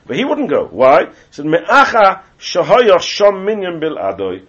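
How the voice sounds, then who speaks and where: Husky man teaching a class. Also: sits high, huge pitch swings, a little fast, hardly any pauses. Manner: explains texts, switches between English and Hebrew terms, repeats phrases. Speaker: teacher leading a Torah class. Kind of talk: classroom lecture on Jewish law. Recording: dull lo-fi classroom recording.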